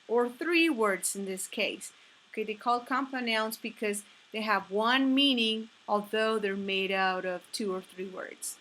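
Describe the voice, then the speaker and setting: A woman's voice: mid-range voice, a little slow, a bit bright, low-quality recording. A woman teaching an English class, explaining each step and encouraging her students, often starting with "okay". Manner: encouraging, repeats "okay" between steps. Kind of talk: classroom instruction.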